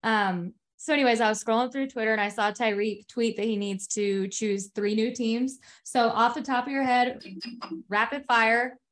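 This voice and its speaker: A woman's voice: a little high, moderate pace. A woman co-hosting a sports podcast, chatty and teasing her co-hosts in casual talk. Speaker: podcast co-host.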